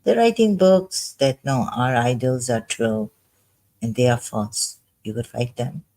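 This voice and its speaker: A man reads scripture aloud and comments on each verse in a slow, deliberate voice. He halts and restarts often, sounding agitated as he thinks aloud. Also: mid-range voice, darkish tone, rough recording. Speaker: ex-Muslim commentator.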